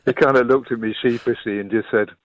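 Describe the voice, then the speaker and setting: A man's voice: mid-range voice, fairly even intonation, fast, no room sound. An English man calling in to a radio show, telling stories in a chatty, easygoing way. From England. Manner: chatty, anecdotal. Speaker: radio caller. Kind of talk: casual phone-in chat. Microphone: telephone. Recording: tinny phone line.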